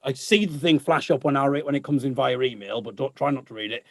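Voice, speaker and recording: A man's voice: medium pitch, fast talker, no room sound, studio quality. A man, a guest musician chatting casually and laughing often at himself. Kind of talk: casual chat.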